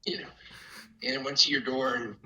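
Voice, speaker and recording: Older male storyteller, animated, laughs often; bright tone, dull lo-fi recording. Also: medium pitch, moderate pace, echoey room. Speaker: family friend telling stories. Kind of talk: casual storytelling.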